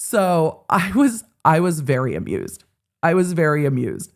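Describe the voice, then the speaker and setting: A woman in her forties hosting a show, telling a story in casual chat, animated, swearing freely and acting out the quotes. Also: deep voice, a little slow. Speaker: host.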